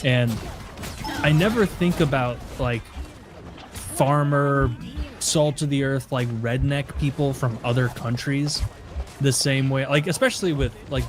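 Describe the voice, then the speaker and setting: A young adult man hosting a podcast, chatting casually and rambling with lots of fillers. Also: medium pitch. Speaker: podcast host. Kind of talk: casual chat.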